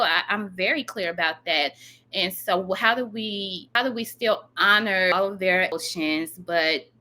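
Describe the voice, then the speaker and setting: A woman with a bright, crisp voice talking as a guest on a casual podcast. She gives earnest, emphatic advice and agrees warmly and eagerly with her host. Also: medium pitch.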